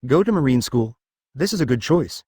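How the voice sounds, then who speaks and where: A man's voice: mid-range voice, expressive, moderate pace, mellow, slightly rough, no room sound, studio quality. A man voicing an arrogant, domineering young man who talks impatiently and dismissively in a plain reading voice.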